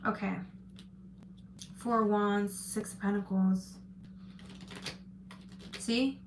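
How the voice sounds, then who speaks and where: A woman's voice: mid-range voice, steady tone, very slow. A woman giving a casual livestream tarot reading, chatty and loose with slang, answering comments from her chat. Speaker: tarot reader. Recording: echoey room with faint noise.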